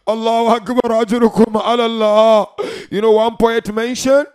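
Guy with a really high voice half singing a sad sermon, cries out loud at times. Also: clear, resonant tone. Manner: emotional, half-sung recitation with loud cries. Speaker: preacher reciting a mourning narration. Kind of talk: chanted mourning sermon.

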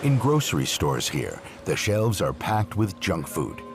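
A man reading scripted documentary narration in a measured, expressive way. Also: low-pitched. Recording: narration over clear music.

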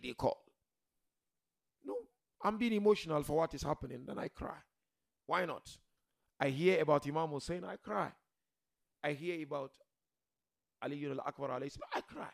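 A man preaching a religious sermon to a seated gathering, emphatic, swinging from loud declarations to quiet murmurs and addressing the listeners directly. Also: fairly high pitch, moderate pace, gravelly, pauses often. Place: gathering hall with a seated audience.

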